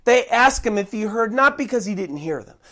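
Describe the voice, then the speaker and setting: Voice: medium pitch, animated, bright, forceful tone. Emphatic preacher with shifting pace. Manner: emphatic, shifting pace with slow stressed phrases. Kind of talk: sermon.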